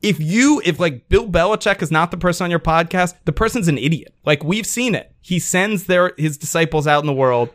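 A man with a fairly high voice holds forth on a sports podcast, heated and sarcastic, swearing freely as he rants. He talks in loose, conversational bursts. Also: a little fast, few pauses. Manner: heated, profane, sarcastic ranting. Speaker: podcast co-host. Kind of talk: ranting sports podcast chat.

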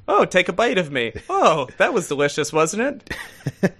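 Guy hamming up a talking pig begging to be eaten, mock accent, bright and high. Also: wildly swooping pitch, moderate pace, husky, heavily acted. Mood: coaxing.

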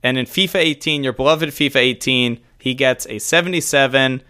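Smooth-voiced man in joking podcast banter. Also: mid-range voice, normal speed, sharp tone. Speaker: podcast co-host. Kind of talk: casual chat. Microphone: remote call.

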